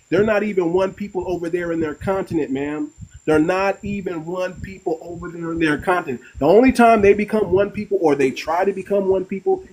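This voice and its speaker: A man hosting a live online audio room, arguing forcefully and repeating phrases for emphasis. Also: a little high, slightly rough, poor audio. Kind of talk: heated live-stream debate.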